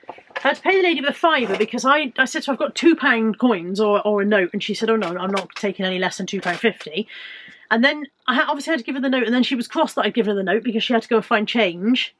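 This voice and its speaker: A British woman in her fifties talks through her bargains in a casual, chatty way. She keeps teasing herself as she goes, in a voice that sits a little high for a woman. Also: a bit bright. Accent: British English. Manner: chatty, self-mocking humour. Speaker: reseller vlogger. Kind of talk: casual chat.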